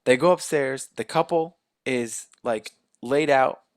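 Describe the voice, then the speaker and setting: A man co-hosting a podcast, excitedly retelling a film plot and acting out the characters' lines in a casual chat. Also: medium pitch, takes it slowly, smooth, no echo, clean studio sound. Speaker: podcast co-host. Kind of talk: casual movie recap.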